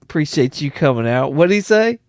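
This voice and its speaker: A man's voice: on the high side, expressive, a little fast, no room sound, studio quality. A man hosting a casual livestream, greeting chatters by name and laughing often. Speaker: livestream host.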